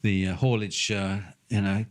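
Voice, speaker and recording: Deep-voiced older Norfolk man spinning yarns. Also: fairly even intonation, moderate pace. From England. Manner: swearing, laughing, acting out voices in anecdotes. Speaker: podcast co-host. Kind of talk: casual storytelling chat.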